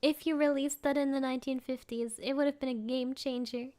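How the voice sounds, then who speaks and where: A woman's voice: sits high, fairly even intonation, brisk, a little mellow. A young woman streamer chatting casually and playfully, giggling as she answers her chat.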